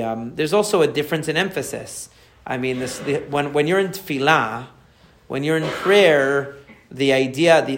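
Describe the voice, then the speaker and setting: A man, a rabbi, explaining prayer in a conversational lesson, answering a listener's questions and repeating key phrases as he warms up. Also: medium pitch, noisy background.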